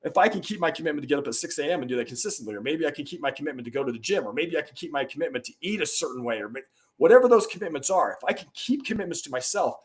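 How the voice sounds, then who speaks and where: A man's voice: on the high side, lively intonation, rapid-fire. A middle-aged man, a podcast guest, telling stories in an earnest, emphatic way, with bursts of rising energy. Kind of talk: conversational interview storytelling.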